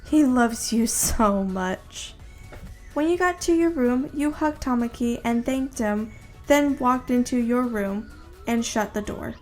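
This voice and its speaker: A woman narrating her own second-person fan fiction in a plain, steady reading voice. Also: a little high, slow, soft background music.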